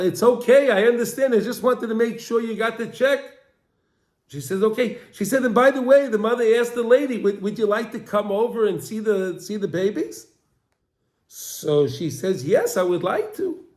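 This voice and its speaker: A man tells a long religious teaching story, circling back over his own phrases and restarting as he goes. His voice is pitched high for a man. The room around him rings with a noticeable echo. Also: darkish tone. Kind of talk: storytelling lesson. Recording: roomy echo.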